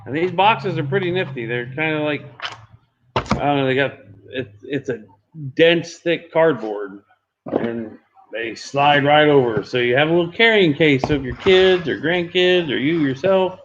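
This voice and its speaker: A man running a live online charity auction, calling and repeating bids briskly. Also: on the high side, slight background noise. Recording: dull lo-fi stream audio.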